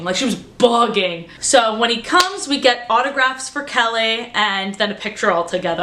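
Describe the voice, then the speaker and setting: A young woman vlogger chatting casually and excitedly, with lots of "like" as she recounts her day. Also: mid-range voice. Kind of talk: casual vlog recap. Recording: roomy echo.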